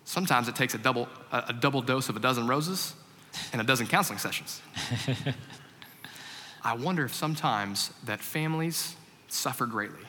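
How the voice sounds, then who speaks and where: Pastor guy telling funny stories in a sermon, really bright sharp voice, big echoey church hall. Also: medium pitch, moderate pace. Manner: animated, shifts from loud comic storytelling to hushed reflection. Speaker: family pastor. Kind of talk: sermon with humorous storytelling. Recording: long hall reverb.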